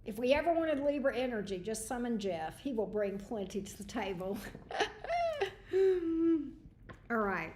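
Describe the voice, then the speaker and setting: A woman's voice: medium pitch, fairly quick, hardly any pauses, slight background noise. A woman hosting a livestream tarot reading, chatty and greeting viewers by name. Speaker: tarot reader. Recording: echoey room.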